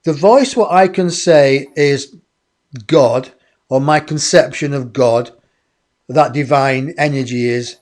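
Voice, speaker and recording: A man, a guest in an interview, telling a personal story in a lively way and acting out other people's voices. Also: mid-range voice, takes it slowly. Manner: animated, acts out others' voices.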